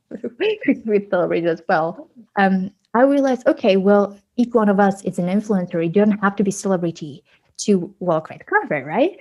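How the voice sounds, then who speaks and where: A woman guest, telling stories in a casual podcast interview and acting out quoted dialogue with big pitch jumps. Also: darkish tone. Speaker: podcast guest, autism advocate.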